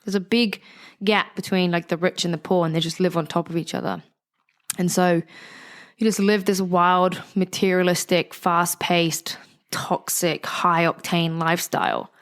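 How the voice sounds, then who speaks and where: A young woman with a West Country English accent speaks as an interview guest, telling her story frankly and with animation. She swears freely and doesn't soften anything. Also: lowish voice, steady tone, normal speed. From West Country, England. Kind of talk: candid interview conversation.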